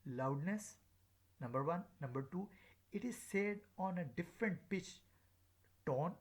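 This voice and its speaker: A man's voice: sits high, lively intonation, measured pace. A man giving a recorded lecture as a teacher, speaking in a hesitant way with many filler sounds.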